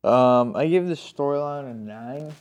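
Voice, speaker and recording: Male co-host, casual and hesitant, smooth resonant tone. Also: medium pitch, measured pace, darkish tone. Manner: hesitant, many fillers and restarts. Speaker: co-host of a gaming show. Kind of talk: casual game review chat.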